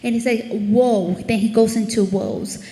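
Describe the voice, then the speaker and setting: A woman giving an earnest devotional Bible teaching, growing animated as she reads scripture aloud. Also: a little high, brisk, gravelly. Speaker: ministry speaker. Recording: echoey room with long reverb.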